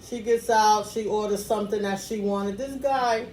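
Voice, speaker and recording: A woman's voice: medium pitch, fairly even intonation, normal speed, darkish tone, echoey room, slight background noise. A woman co-hosting a podcast in casual chat, chatty, laughing along and keeping the story moving. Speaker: podcast co-host.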